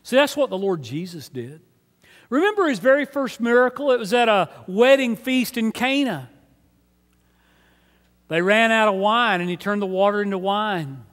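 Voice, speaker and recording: A pastor preaches a sermon in a church sanctuary, his high-pitched voice animated, moderately paced and fairly bright, with long hall reverb around it. He's earnest and conversational, often repeating words as he starts a phrase.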